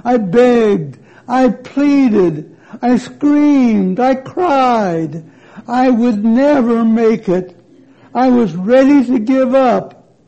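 A man voicing a slow, gravelly talking teacup. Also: very high-pitched, expressive, dark tone, highs cut off, full character voice. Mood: recounting. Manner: slow, pleading storytelling in first person. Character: proud talking teacup, once red clay.

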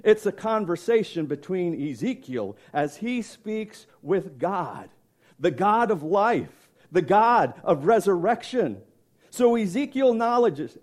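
Male pastor, dramatic emphatic sermon delivery, slow and deliberate pace. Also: high voice. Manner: dramatic, emphatic storytelling with questions to the congregation.

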